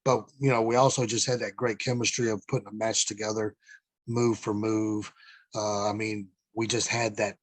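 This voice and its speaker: A man's voice: fairly low pitch, little pitch movement, normal speed, dry recording. Middle-aged man telling road stories, dry. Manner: rambling, profane, frequent fillers and restarts. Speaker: guest, former pro wrestler. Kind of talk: casual storytelling interview.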